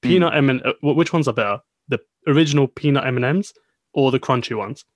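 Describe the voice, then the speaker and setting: Bantering man, mid-pitched voice. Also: quick pace, no echo, clean studio sound. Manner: playful, bantering. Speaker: podcast co-host. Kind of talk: casual chat.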